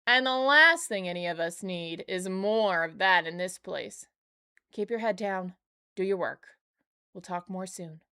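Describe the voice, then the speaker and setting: A woman's voice: lowish voice, unhurried, pushed and bright, smooth, voice pushed down. A woman reading out a nervous letter from a male factory head of shipping, in nearly her own voice. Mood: uneasy.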